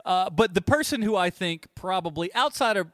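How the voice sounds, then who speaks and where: A man chatting on a movie podcast with a lively, swooping delivery and a slightly high voice. He jokes and mimics others as he talks. The sound is dry and close. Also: normal speed, no room sound. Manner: animated, mocking voices in quotes. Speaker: podcast co-host. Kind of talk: casual movie podcast chat.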